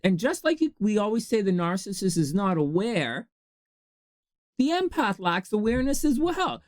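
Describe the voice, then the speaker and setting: Animated vlogger with wide pitch swings. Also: normal speed, dry recording, studio quality. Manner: animated, laughs often, swings between low asides and high exclamations. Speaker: channel host. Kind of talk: casual advice monologue to camera.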